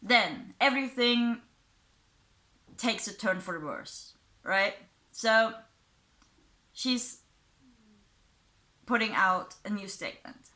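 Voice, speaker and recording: With long pauses and a slow pace, a woman speaks in an animated, sharp, medium-pitched voice. She's a commentary YouTuber doing casual, mocking readings of posts, chuckling between points and referring to her own unusual accent.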